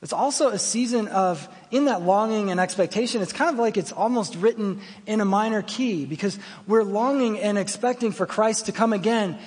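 A man in his thirties preaching a sermon, his fairly high voice carrying through a church hall with a long reverb. He talks in an easygoing, storytelling way and pokes fun at himself. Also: moderate pace, hardly any pauses, darkish tone, husky. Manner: conversational storytelling, self-deprecating. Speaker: pastor.

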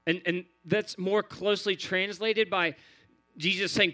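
A man's voice: high voice, steady tone, unhurried, sharp tone. A man preaching a sermon in an earnest, repetitive cadence, building phrase on phrase. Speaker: pastor.

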